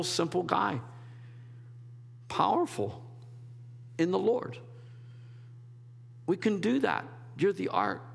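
Rambling pastor preaching in a reverberant hall. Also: male voice, sits high, creaky, a bit bright. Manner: conversational, rambling with restarts and quoted asides. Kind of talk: sermon.

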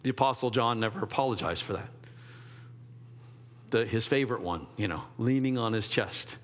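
A man preaching a sermon in an animated, conversational way, slipping into quick acted asides. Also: mid-range voice, in a large hall. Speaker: pastor.

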